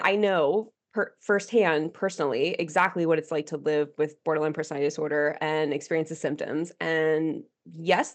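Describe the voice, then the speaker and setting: A woman therapist speaks in a slightly low voice, open and candid about her own experience. She talks casually, with plenty of fillers and laughter woven in. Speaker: guest therapist. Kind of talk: casual podcast chat.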